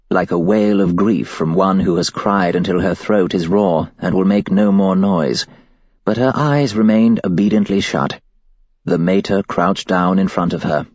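A man narrating a first-person story in a measured, grave storytelling manner. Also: low voice, a little mellow, dry recording. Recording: dull dry lo-fi recording.

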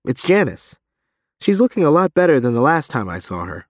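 A man's voice: on the high side, big pitch swings, fairly quick, dry recording, clean studio sound. A man narrating a story in first person. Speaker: audiobook narrator. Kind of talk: scripted narration.

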